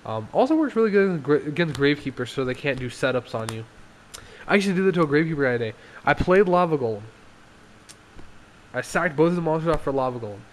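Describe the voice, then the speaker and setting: A young man talking casually through his card game deck, excitable, laughing often and acting out his opponents. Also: a little high, fast talker, slight background noise.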